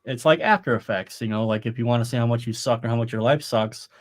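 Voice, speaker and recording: A man's voice: mid-range voice, quick pace, a little hiss or hum. A middle-aged man talking casually on a live stream, rambling and swearing freely. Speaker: podcast co-host. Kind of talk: casual chat.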